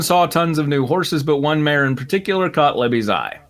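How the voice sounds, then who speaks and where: A man's voice: on the high side, lively intonation, normal speed, a bit bright. A man hosting a live stream, narrating fan fiction aloud in a playful way, with laughs and banter between the lines. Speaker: narrator and host.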